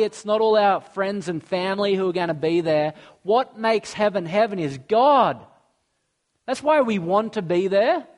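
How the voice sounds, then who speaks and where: A man's voice: high voice, animated, measured pace. A man, preaching a sermon earnestly and mixing in personal stories. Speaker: pastor.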